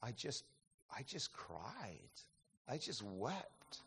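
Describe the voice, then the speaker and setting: A hushed, apologetic woman, near tears, ashamed that she could only weep, as a preacher quotes her in his own voice. Her words come soft and slow. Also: on the low side, level tone, gravelly, a little hiss or hum, voice pushed down.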